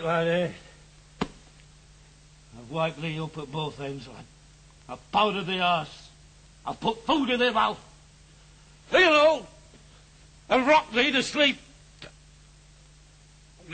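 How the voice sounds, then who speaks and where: A man's voice: high-pitched, sharp tone, exaggerated voice, poor audio. An actor playing a drunken, grieving older father, rambling in dialect with thee and thou. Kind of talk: radio drama.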